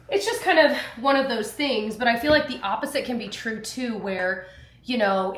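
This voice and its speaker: Woman, thirties, bright voice, chatty, rambling, casual home vlog. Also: medium pitch. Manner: chatty, rambling, self-deprecating with frequent laughs. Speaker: lifestyle vlogger. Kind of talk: casual chat while doing chores.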